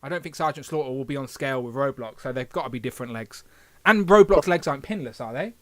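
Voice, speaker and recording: A man's voice: medium pitch, quick pace, a bit bright. A man hosting a casual livestream, rambling and correcting himself as he reads the chat aloud. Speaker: podcast host.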